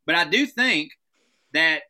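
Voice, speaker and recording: Bright, animated man telling comic stories. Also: fairly high pitch, slow. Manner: animated, profane, often laughing. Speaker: podcast guest. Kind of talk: casual comic storytelling.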